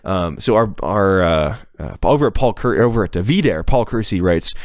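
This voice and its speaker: A man's voice: low-pitched, animated, moderate pace, no room sound, clean studio sound. A man hosting a podcast in casual, mocking chat, often repeating words as he goes. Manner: mocking, sarcastic, repeats words while searching. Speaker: podcast host.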